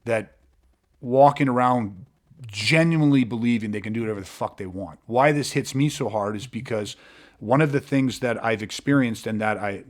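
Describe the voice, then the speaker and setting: A man hosting a podcast, talking in an intense, blunt way with frequent swearing and halting restarts. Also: mid-range voice. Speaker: podcast host. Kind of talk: podcast monologue.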